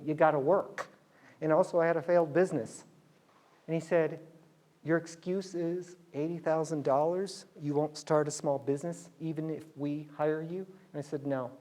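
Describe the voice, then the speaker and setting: Animated storytelling businessman. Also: on the high side. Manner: animated, acts out dialogue in quoted voices. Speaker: business speaker telling a story. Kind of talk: storytelling talk to students.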